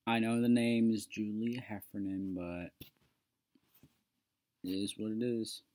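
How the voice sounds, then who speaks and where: Slow, chatty man teaching an impression. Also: lowish voice, fairly even intonation, dark tone. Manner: chatty, self-deprecating. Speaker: video maker teaching a voice impression. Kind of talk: casual tutorial.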